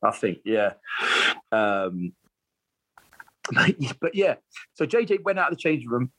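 Husky man telling a wild story. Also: mid-range voice, a little slow. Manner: animated anecdote-telling, laughs often, repeats words. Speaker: guest footballer. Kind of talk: casual storytelling interview.

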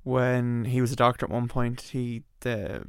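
A man co-hosting a film podcast, chatting casually and getting animated when he describes scenes. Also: mid-range voice, moderate pace, clear, resonant tone, dry recording, studio quality. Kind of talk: casual film review chat.

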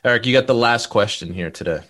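A man hosting a podcast, relaxed and conversational, steering the guest with questions. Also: medium pitch, fast talker. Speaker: podcast host. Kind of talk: casual interview chat.

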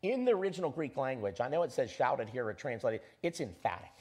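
Guy pastor preaching, kinda husky, gets the church to shout back. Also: medium pitch, a little fast. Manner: animated preaching, leads the congregation in call-and-response. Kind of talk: sermon.

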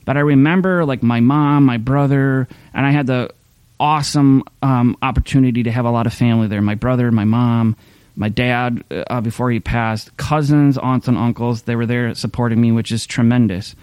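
Candid, mellow-voiced pastor preaching. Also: male voice, medium pitch, steady tone, moderate pace, clear, resonant tone, no room sound. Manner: candid, conversational preaching with restarts. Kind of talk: sermon. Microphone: streaming camera mic.

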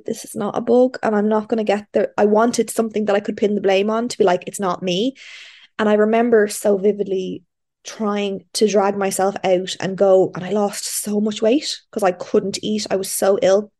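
A woman's voice: mid-range voice, level tone, moderate pace, mellow. Chatty woman host. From Ireland. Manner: candid, chatty storytelling with frequent fillers and restarts. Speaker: podcast host. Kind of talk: casual interview chat.

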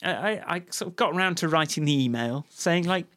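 A man's voice: on the high side, fairly quick, a bit bright. A man co-hosting a podcast, talking casually and rambling, with many restarts and fillers. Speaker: podcast co-host. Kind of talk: casual chat.

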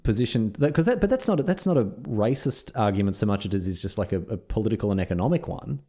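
An Australian man co-hosting a podcast, his speech animated and full of rises and falls. His voice is mellow, and he sounds earnest and reflective, hunting for the right words as he thinks aloud. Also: lowish voice, fast. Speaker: podcast co-host. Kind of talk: casual chat.

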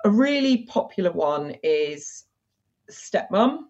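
A woman's voice: fairly low pitch, moderate pace, darkish tone, dull audio. A woman chatting frankly as a podcast guest, laughing easily as she talks. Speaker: guest, dominatrix. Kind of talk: casual chat.

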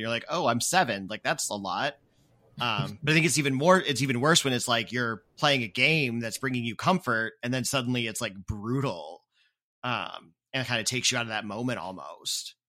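A man's voice: medium pitch, sharp tone. A man hosting a podcast in casual chat, telling stories expressively. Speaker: podcast host.

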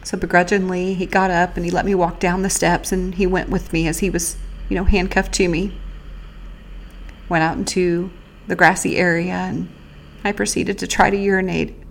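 Woman, podcast host, first-person storytelling, earnest, halting, lowish voice. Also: little pitch movement, vocal fry, a little hiss or hum. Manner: earnest, halting, with pauses and restarts; speaks of faith and prayer. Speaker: podcast host recounting her own survival.

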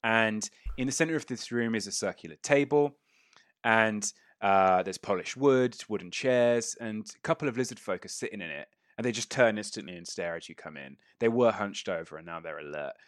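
A man's voice: lowish voice, a little fast, no room sound, clean studio sound. A man narrating a tabletop game as game master, casual and sweary, laughing often.

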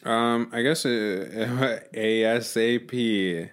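A young man co-hosting a podcast, chatting in a relaxed, agreeable way and laughing along. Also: medium pitch, drawn-out words. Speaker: podcast co-host. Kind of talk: casual chat after an improv episode.

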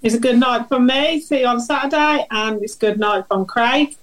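A woman's voice: on the high side, normal speed, rough recording. A woman co-hosting a fan podcast in a cheerful way. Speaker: podcast co-host. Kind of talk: casual chat.

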